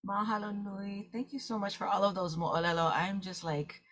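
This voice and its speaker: A teary-eyed woman hosting an online gathering, talking in a halting way with many fillers over a video call. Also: medium pitch, fairly even intonation, fairly bright tone. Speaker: host.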